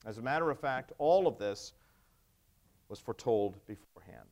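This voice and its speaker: A man's voice: mid-range voice, animated, normal speed, pauses often, a little mellow. A male pastor preaching a sermon, emphatic and wry, asking the congregation rhetorical questions. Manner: wry humor.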